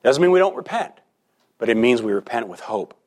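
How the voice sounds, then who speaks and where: A man preaching a sermon as pastor, in a conversational style full of rhetorical questions, swinging between loud emphasis and quiet asides. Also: medium pitch, sing-song, fairly quick.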